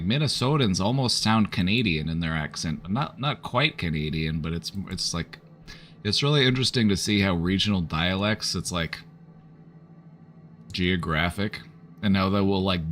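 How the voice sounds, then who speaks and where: A man's voice: deep voice, normal speed, fairly bright tone. A man chatting casually on a live stream, rambling with lots of fillers. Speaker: streamer offering support.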